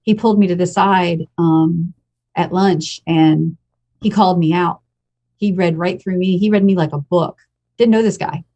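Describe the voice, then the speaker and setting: Speaking at normal speed in a lowish, steady, dark-toned voice, this American woman in her fifties shares her personal story as a podcast guest, candid, emotional and blunt.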